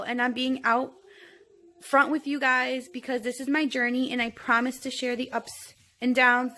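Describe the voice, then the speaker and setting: A woman in her thirties speaks straight into her phone, with a voice sitting a touch high for a woman. Her delivery is earnest and emotional, rambling as she restarts her thoughts in an open, confessional vlog. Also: vocal fry, pushed and bright. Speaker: vlogger.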